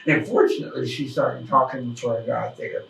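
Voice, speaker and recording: A man hosting a casual interview, folksy and self-deprecating, a little hoarse from a cough. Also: mid-range voice, fairly even intonation, a little fast, a bit bright. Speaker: host. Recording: echoey room, mic at a distance.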